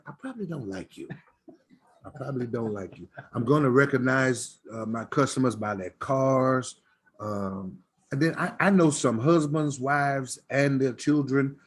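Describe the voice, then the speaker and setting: Folksy man with a husky voice. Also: mid-range voice. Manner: folksy, preacherly storyteller. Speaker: smokehouse owner. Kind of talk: storytelling chat.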